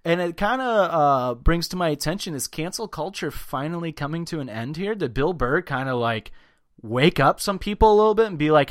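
A man co-hosting a podcast talks in a slightly high, animated voice at a fairly quick clip, recorded dry with clean studio sound. The chat is casual, loud and crude, full of swearing, and he sometimes breaks into put-on voices to mock people.

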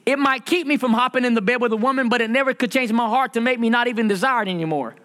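A male pastor preaching a sermon, calling out questions to the congregation and repeating phrases, slowing down and rising in pitch to stress scripture. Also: a bit bright. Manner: preaching with call-and-response questions and repetition; slows and rises in pitch for emphasis when reading scripture.

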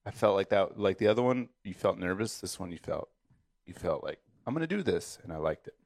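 A man's voice: low-pitched, fairly quick, darkish tone, no room sound, clean studio sound. A man co-hosting a casual podcast, making short offhand remarks. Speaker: podcast co-host.

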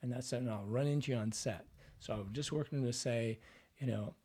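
Male dialect coach in an interview, husky mid-range voice, patient and explanatory. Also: medium pitch, brisk, a little mellow. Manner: explanatory, demonstrates lines and sounds.

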